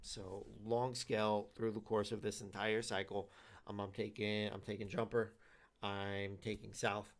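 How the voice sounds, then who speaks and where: A man's voice: on the low side, little pitch movement, measured pace. A man hosting a league show, giving his predictions in loose, repetitive casual talk with many fillers and restarts.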